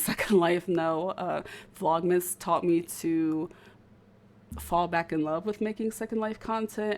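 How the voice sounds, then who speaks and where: A young woman with a speech impediment, chatting casually to her viewers as a YouTuber. She rambles and stutters with frequent restarts. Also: on the low side.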